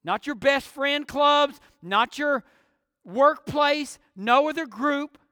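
A man delivers a sermon with an emphatic preaching manner. His voice sits very high for a man. The recording is dry up close but carries a long hall reverb behind it. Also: takes it slowly, bright, forceful tone. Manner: emphatic preaching with rhetorical questions. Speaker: pastor.

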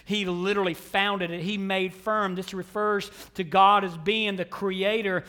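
A man preaching a sermon as pastor in a church, emphatic, swinging from loud declarations down to hushed, almost whispered lines. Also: high-pitched, little pitch movement, a little slow, hardly any pauses. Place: church sanctuary.

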